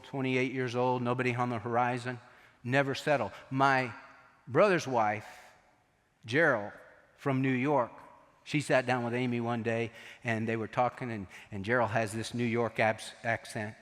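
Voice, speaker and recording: A middle-aged man preaching a sermon, telling a story in an animated, joking way. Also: medium pitch, normal speed. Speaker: pastor. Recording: long echo of a large hall.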